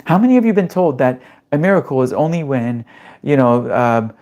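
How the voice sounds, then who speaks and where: A man coaching nervous system calm in a live-streamed class, talking emphatically and bluntly with casual swearing, and throwing questions out to his audience. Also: mid-range voice, normal speed.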